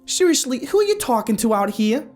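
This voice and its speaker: A man voicing a loud, indignant young woman who shouts and gripes in a spoken story. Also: fairly high pitch, sing-song, fairly quick, soft background music, pitched above the performer's own voice. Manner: shouting, griping.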